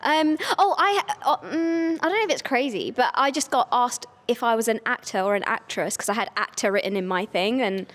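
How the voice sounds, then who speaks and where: Giggly woman with a high voice. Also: animated, brisk, hardly any pauses, a bit bright. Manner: giggly, hesitant. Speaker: actress guest. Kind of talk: casual chat.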